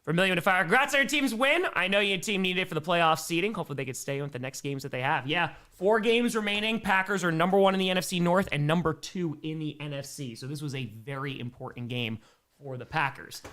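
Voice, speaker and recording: Man, high voice, bright tone, hyped live stream play-by-play, reads out chat messages, slightly winded. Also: fast talker. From Wisconsin, United States. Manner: excitable, hyped, reads fan messages aloud. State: out of breath.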